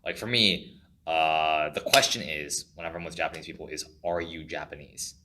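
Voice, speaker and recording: A man in his twenties from California, a podcast guest telling stories in an animated, jokey and dramatic way. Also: rumbling low, fairly quick. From California, USA. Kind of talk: casual podcast chat.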